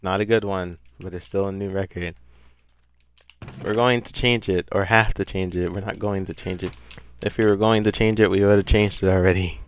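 A man's voice: sits low, steady tone, moderate pace, clean tone. A young man giving casual, rambling gameplay commentary, self-deprecating and given to sudden frustrated outbursts. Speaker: gaming YouTuber.

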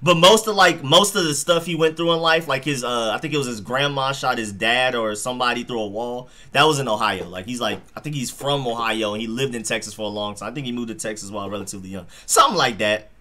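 Reacting to plays and messages in the chat, a young sports live-stream host talks casually in slang during a football broadcast. He has a mid-range voice with a sharp tone.

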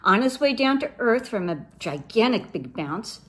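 A middle-aged woman reading a children's picture book aloud, expressive as she talks to children. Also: on the high side, moderate pace. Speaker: reader for a girls' program.

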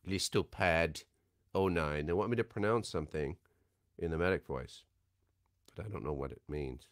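Chatty male streamer, lively up-and-down delivery, close dry mic. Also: a bass voice, a little fast, dry recording. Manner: rambling, chatty, self-deprecating. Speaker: voice actor hosting a signing livestream. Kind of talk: casual livestream chat.

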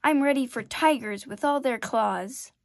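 A woman's voice: sits high, measured pace, creaky, no room sound, studio quality. A woman voicing a vain, delicate female flower who talks sweetly and fussily. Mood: fussy. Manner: sweet, coy and affected.

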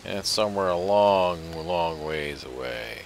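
A man's voice: low-pitched, a little slow, creaky, slight background noise. A man chatting easily with his partner while they play an online game at home, musing aloud and humming. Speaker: gamer co-playing online game. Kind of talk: casual gameplay chat.

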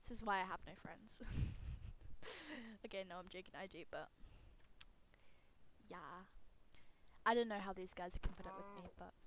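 A young woman with a slightly hoarse voice talking casually over her gameplay at home, rambling and self-mocking, with sudden loud squeals. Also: medium pitch, steady tone, normal speed, long pauses, a little hiss or hum. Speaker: gaming YouTuber.

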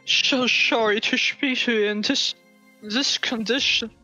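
Give me a woman playing a sheepish drunk courtier, slurred and slow. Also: on the high side, fairly even intonation, bright, forceful tone, dull audio, faint music behind. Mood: drunk, apologetic.

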